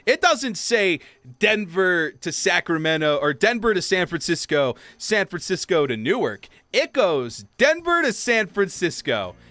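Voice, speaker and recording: Animated young man telling a story. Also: measured pace, no room sound. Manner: animated, acts out quotes in high voices. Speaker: livestreamer. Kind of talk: casual storytelling while gaming. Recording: faint game music behind.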